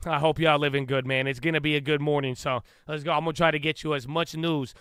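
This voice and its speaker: Fast, hyped man live-streaming. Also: steady tone, fairly bright tone, clear, resonant tone, no echo, clean studio sound. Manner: fast, high-energy hype, says "baby" a lot. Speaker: live trading stream host. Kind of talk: hyped chat shout-outs, then reading news aloud.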